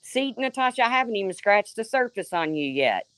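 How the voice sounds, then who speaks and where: A woman's voice: mid-range voice, sing-song, brisk, no room sound. A woman hosting a livestream, sarcastically calling out a rival and answering her chat by name. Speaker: livestream host. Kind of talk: confrontational livestream rant.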